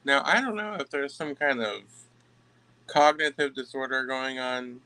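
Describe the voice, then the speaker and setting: A man giving a tarot reading to camera, emphatic and halting, often stopping to restart his sentences. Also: mid-range voice, lively intonation, sharp tone, clean tone, rough recording. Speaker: tarot reader.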